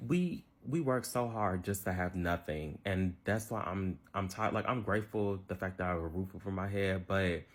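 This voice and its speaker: A man's voice: low voice, normal speed, few pauses. A man in his twenties ranting to his phone camera, frustrated and rambling, full of fillers. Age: 20s. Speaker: social media ranter. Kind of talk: casual rant to camera.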